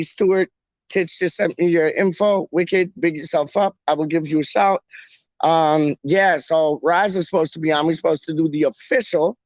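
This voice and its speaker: A man's voice: fairly high pitch, no room sound. Rambling jokey man, dry close sound. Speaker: fan channel host. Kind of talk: casual solo live-stream chat.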